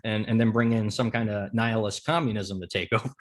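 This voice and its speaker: A man's voice: fairly low pitch, fairly even intonation, fast. An American man, a podcast guest, explaining his views in an earnest, argumentative way. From United States. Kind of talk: casual podcast chat.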